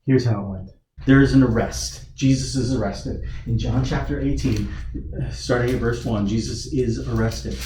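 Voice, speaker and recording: A man's voice: fairly even intonation, moderate pace, dark tone. A youth pastor preaching, retelling a story dramatically and acting out the figures he quotes. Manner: storytelling, voices quoted figures with rising pitch. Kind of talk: sermon. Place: church or youth room. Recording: roomy hall from a distance, faint noise.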